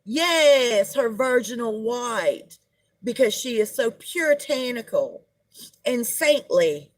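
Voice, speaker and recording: A woman's voice: fairly high pitch, expressive, slow pace. A middle-aged woman, hosting a casual live-stream gossip chat and greeting viewers as she talks. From United States. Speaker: livestream host.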